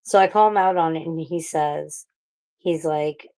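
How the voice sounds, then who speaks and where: Lowish-voiced woman ranting profanely. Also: unhurried, warm tone. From St. Louis, USA. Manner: profane, ranting, rambling with restarts. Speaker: livestream panel participant. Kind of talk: casual livestream chat.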